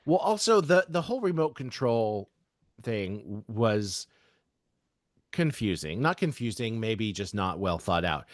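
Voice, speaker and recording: A man's voice: lowish voice, very animated, a little slow, dry recording, clean studio sound. A man from the American South co-hosting a podcast, talking casually with lots of fillers and restarts. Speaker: podcast co-host. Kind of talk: casual chat.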